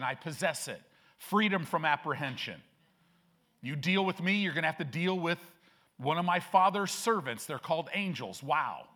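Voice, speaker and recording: A man's voice: on the high side, fairly bright tone. An older male pastor preaching in a church, telling stories conversationally and building up to emphatic declarations. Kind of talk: sermon. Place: church sanctuary.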